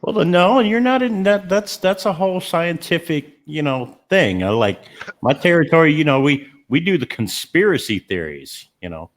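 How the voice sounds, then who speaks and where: A man's voice: on the high side, normal speed, few pauses. A man hosting a casual chat, repeating words as he gets going. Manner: lively, repeats words as he talks.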